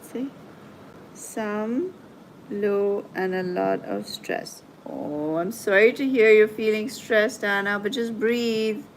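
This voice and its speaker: A woman hosting a live tarot and coaching stream, talking gently and reassuringly to her viewers as she reads their comments. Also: mid-range voice, animated, slight background noise, rough recording. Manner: soothing, reassuring, slow and gentle.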